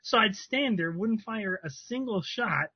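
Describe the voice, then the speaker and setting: A man co-hosting a podcast, telling animated, profane stories and laughing as he talks. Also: high-pitched, unhurried, husky, dry recording. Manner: animated storyteller, swears, laughs a lot. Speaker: podcast co-host. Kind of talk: casual chat. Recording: dry, dull lo-fi sound.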